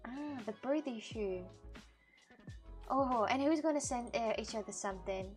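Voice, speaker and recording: Woman, streamer, casual live chat, fairly high voice, laughs often, faint music behind. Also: measured pace. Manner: chatty, laughs often, answers chat with many restarts. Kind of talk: casual IRL livestream chat.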